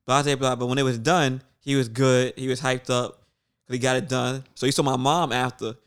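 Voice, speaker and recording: A young man co-hosting a casual talk show, telling a story in quick slang and acting out what people said. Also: mid-range voice, level tone, clear, resonant tone. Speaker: podcast co-host. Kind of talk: casual banter.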